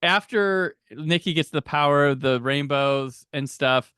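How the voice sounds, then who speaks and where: A man hosting a casual movie podcast, rambling, laughing often and quoting lines in quick impressions. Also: mid-range voice, level tone, a bit bright, clean tone, no echo, studio quality. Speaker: podcast host.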